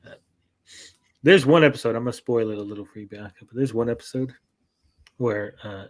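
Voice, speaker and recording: Male co-host and parent, casual and profane, animated storyteller, mid-range voice. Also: medium pitch, fairly quick. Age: adult parent. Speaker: podcast co-host. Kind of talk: casual chat.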